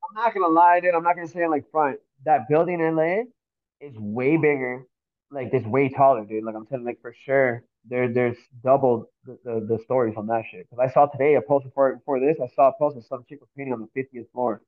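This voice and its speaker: Animated swearing man telling a story. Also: mid-range voice, brisk, phone-quality sound. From Miami, Florida. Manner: animated, swears a lot, acts out voices in stories. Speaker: guest. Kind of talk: casual storytelling.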